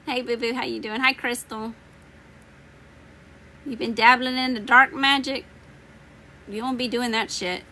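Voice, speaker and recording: Bright-voiced woman losing her voice. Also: on the high side, fairly even intonation, measured pace, long pauses, a little hiss or hum. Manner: teasing, laughing, slangy and blunt. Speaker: tarot reader hosting a live stream. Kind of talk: casual livestream chat answering viewers.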